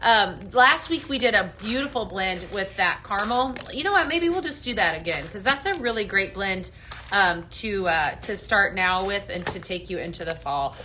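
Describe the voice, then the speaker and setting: A woman's voice: mid-range voice, expressive, moderate pace, bright, forceful tone, a little hiss or hum. A woman hosting a daily live-selling stream for home fragrance, chatting casually and greeting viewers by name as she mixes blends. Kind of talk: live shopping stream chat.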